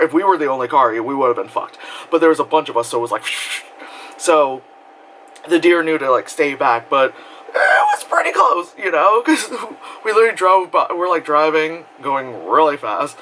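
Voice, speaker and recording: A young man telling a story in casual vlog style, rambling with lots of fillers and breaking into loud screams and laughter. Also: a little high, slight background noise, rough recording. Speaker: vlogger.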